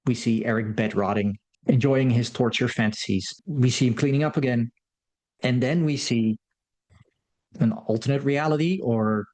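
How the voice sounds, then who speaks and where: A man giving a loose, rambling recap of a film's plot, full of fillers and restarts. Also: medium pitch. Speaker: film commentator. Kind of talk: casual film recap.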